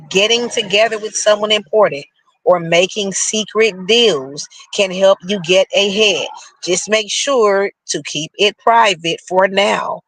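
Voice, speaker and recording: A man with a New York accent and a high-pitched voice reads horoscopes and riffs on them in casual, slangy talk. His delivery is animated and loose. The sound is close and dry, with no room around it. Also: dry recording, low-quality recording. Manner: animated, breaks into slangy asides. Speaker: horoscope reader and commentator. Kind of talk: reading aloud and riffing in casual chat.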